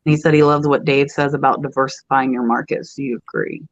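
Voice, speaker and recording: A woman's voice: extremely low pitch, steady tone, fast, dry recording. Chatty woman on a dull lo-fi line. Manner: chatty, lots of "like" fillers, reads viewer questions. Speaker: host. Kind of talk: casual chat on a live stream. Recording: dull lo-fi call line with glitches.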